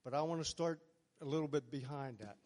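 A man's voice: on the high side, a little fast, darkish tone. A man from the congregation sharing a personal testimony, nervous and hesitant. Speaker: congregation member giving testimony.

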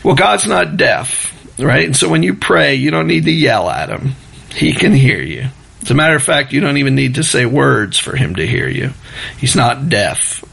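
A man preaching a sermon in a relaxed, conversational way, chuckling as he mimics rushed and loud prayers. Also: medium pitch, vocal fry, husky. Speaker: pastor.

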